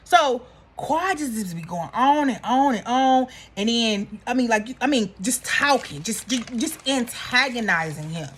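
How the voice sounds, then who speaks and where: A woman casually recapping a reality show episode, gossipy and animated, acting out what the cast said. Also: a little high, unhurried, slightly rough. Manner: animated, gossipy, acts out quotes.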